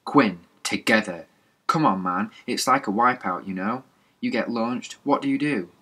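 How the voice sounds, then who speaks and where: Man doing a steady, easygoing teenage boy. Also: on the low side, moderate pace. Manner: easygoing, reassuring. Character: steady teenage boy, the group's calm leader.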